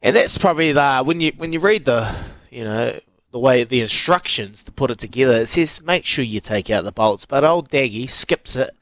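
A man's voice: mid-range voice, moderate pace, hardly any pauses, dry recording. New man, radio co-host, casual storytelling, dry close mic. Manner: animated yarn-spinning with laughs and acted-out quotes.

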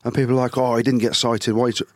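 Guy doing lively play-by-play breakdowns on a podcast, mid-pitched, dry close sound. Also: no room sound. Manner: animated play-by-play breakdowns, quick to laugh. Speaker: podcast co-host. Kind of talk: casual sports chat and match analysis.

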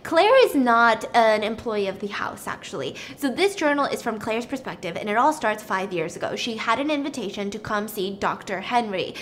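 A young woman casually retelling a story while cooking, chatty and animated, with lots of filler words. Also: a little high, moderate pace, hardly any pauses. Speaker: storytelling vlogger.

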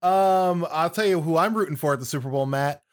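A young man chats on a casual podcast, his voice sitting a touch high. He trades teasing jokes with his co-host. His banter comes quick and playful.

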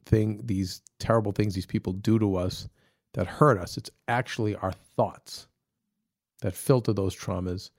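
A man's voice: fairly low pitch, fairly even intonation, unhurried, dry recording, clean studio sound. A man co-hosting a podcast in casual chat, rambling with many restarts and fillers. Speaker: podcast co-host.

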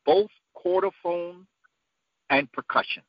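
A man giving an emphatic, preacherly talk whose voice climbs to high peaks. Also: slow, slightly rough, dry recording. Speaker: guest speaker. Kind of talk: impassioned lecture-style talk. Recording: dull lo-fi dry sound.

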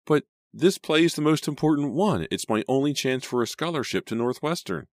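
A frightened teenage girl speaks in a high, breathless, pleading voice, put on by a man reading a storybook. The sound is dry and close. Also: big pitch swings, normal speed, dry recording, natural voice.

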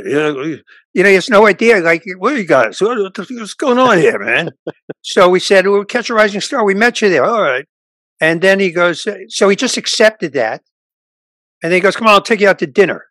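Here an older stand-up comic recounts stories casually in an interview, performing the voices of the people he quotes with lively energy. The man's voice is on the high side, and there's no room sound.

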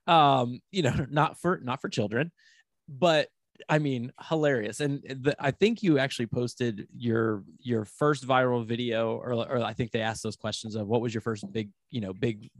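A man's voice: mid-range voice, normal speed, no room sound. A man hosting a casual interview podcast who talks in a loose, rambling way and laughs easily. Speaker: podcast host.

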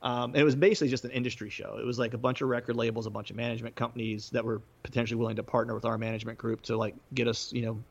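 A man with a gravelly, creaky voice rambles through a story from his band days, full of fillers and quick laughs. His pitch sits in the middle of the male range. The sound is dull and lo-fi. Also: level tone. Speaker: musician guest telling a story. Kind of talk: casual storytelling.

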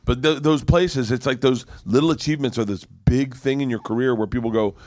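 A man's voice: medium pitch, fairly quick, no echo, studio quality. A man in his forties, a comedian, telling a rambling story in casual chat, swearing and restarting often. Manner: rambling, profane, animated storyteller with many restarts. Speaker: comedian guest.

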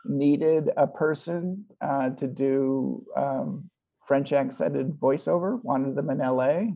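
A man's voice: mid-range voice, slow, creaky, dull audio. A man talking about his filmmaking in a casual interview, rambling with lots of fillers and restarts. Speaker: filmmaker guest.

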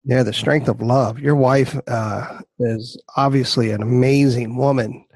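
A man's voice: mid-range voice, steady tone, measured pace, creaky, a little mellow, breathy edge. A male interviewer giving affirming, reflective responses in a conversational interview.

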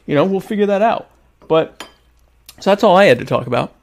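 With a high voice, lively intonation, and vocal fry, a livestream host talks fairly quickly as he eats a meal at home. He keeps the chat casual and funny, teasing viewers in a self-deprecating way.

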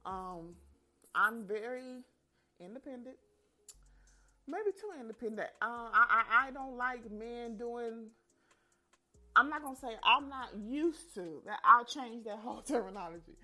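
A young woman hosts her own show and tells a personal story straight to her listeners. Her voice is bright and forward. She talks frankly and animatedly, and she swears freely. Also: fairly high pitch, expressive, a little slow. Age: young adult.

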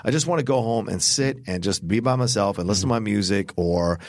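A man's voice: fairly low pitch, fairly quick, no echo. A man co-hosting a podcast, chatting casually about movies, rambling and swearing freely. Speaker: podcast co-host.

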